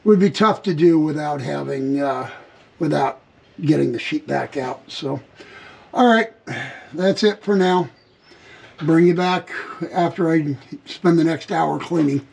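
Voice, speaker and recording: In a workshop around a vehicle frame, a man walks viewers through his RV repair step by step in casual narration to camera. He speaks unhurriedly in a fairly high, gravelly, husky voice that's a little mellow, captured on a low-quality recording.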